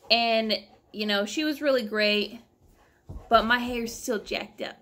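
A young adult woman vlogger at home, telling a long story in an animated, rambling, exasperated way. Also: medium pitch, moderate pace, gravelly. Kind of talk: casual storytelling vlog.

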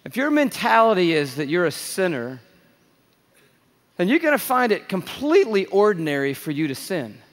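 Man, very high voice, emphatic drawn-out preaching, playful asides, live hall reverb. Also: big pitch swings. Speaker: conference speaker. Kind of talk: sermon. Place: large conference hall.

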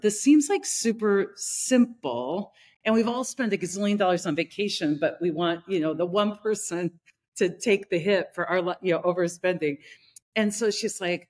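A middle-aged woman talking in a relaxed conversational podcast, telling a workplace story and acting out the people in it. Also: mid-range voice, moderate pace. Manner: animated, acts out quoted people in her stories. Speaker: leadership consultant and host.

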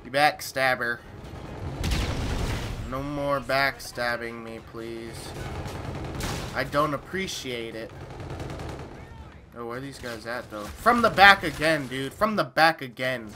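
A man's voice: mid-range voice, slow, long pauses, noisy background. Trash-talking male gamer over gunfire. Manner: trash-talking, excitable, talks to opponents. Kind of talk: live gameplay commentary. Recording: loud game gunfire behind voice. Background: game gunfire and effects.

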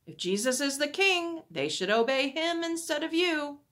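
A woman's voice: high-pitched, lively intonation, normal speed, fairly bright tone, voice pushed up. A woman voicing insistent scheming rulers. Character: group of scheming male religious rulers.

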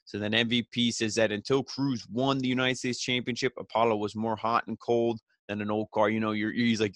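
A man's voice: fairly low pitch, flat delivery, brisk, hardly any pauses, fairly bright tone, dry recording. A young man recapping a wrestling show in a loose, rambling way, full of fillers and swearing. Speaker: podcast host reviewing wrestling. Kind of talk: casual recap.

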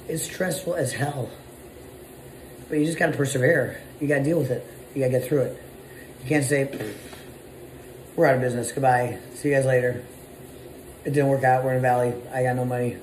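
A man's voice: mid-range voice, reverberant, slight background noise, low-quality recording. A man, a business owner, giving a blunt, casual motivational monologue full of swearing. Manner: blunt, profane, conversational.

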